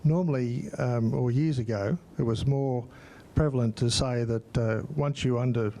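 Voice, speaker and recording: A man's voice: mid-range voice, fairly even intonation, normal speed, warm tone. A man chairing a meeting's question session, talking in a chatty, hesitant way with many fillers. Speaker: support group meeting chair. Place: meeting room.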